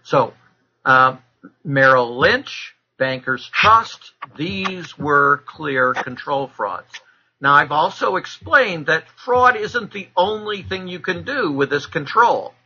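Male expert guest: intense, lecturing delivery with pauses; dull lo-fi recording. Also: fairly high pitch, lively intonation, pushed and bright, husky. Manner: measured, lecturing, many filler pauses. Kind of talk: explanatory interview answers.

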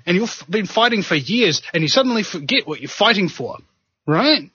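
A man with a New Zealand accent hosting a talk show, preaching and joking in an animated, casual way. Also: high voice, normal speed, husky, no room sound. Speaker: podcast host. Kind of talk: casual chat and monologue. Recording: dull lo-fi sound.

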